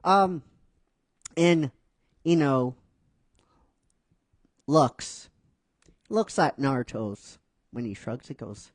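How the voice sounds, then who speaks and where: A man's voice: medium pitch, animated, very slow, pauses often, no echo. A man casually narrating his own script, rambling and hesitant, with fillers and self-corrections. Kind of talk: casual storytelling.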